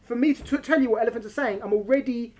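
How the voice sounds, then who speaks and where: A woman leading a lively discussion with an audience, animated and quick to talk over interruptions. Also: fairly high pitch. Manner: animated, talks over interruptions, mimics voices for fun. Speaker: speaker leading a group discussion.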